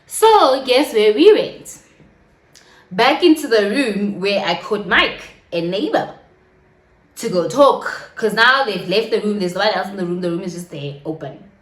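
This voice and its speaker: A young woman telling a story in a dramatic, animated way, swearing freely as she vents to her viewers. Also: medium pitch, a little slow. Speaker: storytime vlogger. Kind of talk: casual storytelling. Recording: roomy echo.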